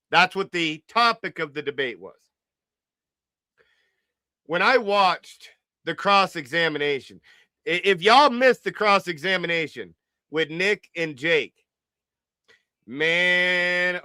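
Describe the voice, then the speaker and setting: A man hosting an apologetics talk show, excited and chatty, repeating his words and teasing. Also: sits high, dry recording, clean studio sound. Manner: hyped, repeats words, sings along and teases. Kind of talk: excited casual commentary.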